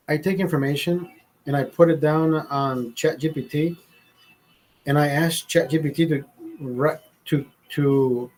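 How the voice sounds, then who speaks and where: Rambling, profane man with a higher voice. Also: rough recording. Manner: rambling, profane, animated storytelling. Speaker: livestream host. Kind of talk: casual late-night livestream chat.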